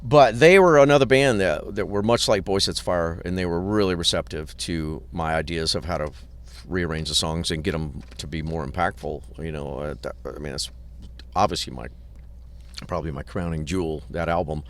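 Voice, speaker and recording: Middle-aged producer guy, lowish voice, rambling swear-heavy stories, chatting outside in a parking lot. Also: normal speed, a little hiss or hum. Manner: animated anecdotes with profanity and acted quotes. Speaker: guest, record producer. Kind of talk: casual storytelling.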